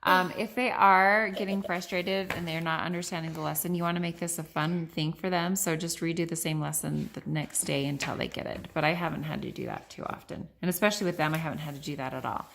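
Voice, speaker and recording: A woman's voice: low voice, steady tone, fairly quick, creaky, few pauses, a bit bright. A woman in her thirties, a mother, patiently teaching her young child to read at home and chatting to the camera between words. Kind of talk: casual home video vlog. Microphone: phone. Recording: faint background noise, home phone recording.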